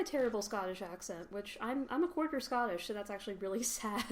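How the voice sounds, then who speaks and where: A woman's voice: mid-range voice, lively intonation, quick pace, hardly any pauses, a little hiss or hum. A woman giving casual, rambling, sarcastic commentary over a video game playthrough, laughing often. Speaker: let's play commentator.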